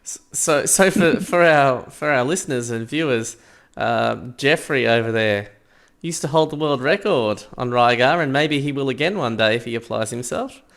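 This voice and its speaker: A man's voice: mid-range voice, normal speed, a bit bright. An Australian man co-hosting a podcast, chatting casually with teasing, wry remarks. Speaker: podcast co-host. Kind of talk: casual chat.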